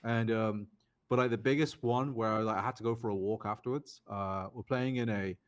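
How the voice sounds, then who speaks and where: A young British man, a poker player and podcast guest, telling casual stories and quoting others in raised, lively voices. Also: lowish voice, normal speed. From United Kingdom. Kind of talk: casual storytelling.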